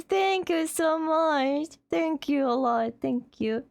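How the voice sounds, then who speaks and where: A woman streaming live, chatting with her audience in an excitable way, swearing and playfully shouting at chat. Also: sits high, slow pace, creaky, few pauses, no echo. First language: Russian. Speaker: VTuber streamer.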